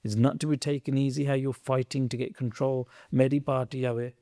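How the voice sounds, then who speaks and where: A man telling a historical story in a podcast conversation, earnest and preachy, swinging between loud emphasis and quiet asides. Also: medium pitch, flat delivery, fairly quick, no echo, clean studio sound.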